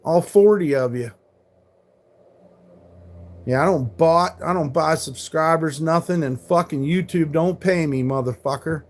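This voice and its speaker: This is a man in his forties hosting a live stream, with a somewhat high-pitched voice. He talks straight to his chat, combative and heavy on profanity as he spars with trolls. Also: unhurried, pauses often. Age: 40s.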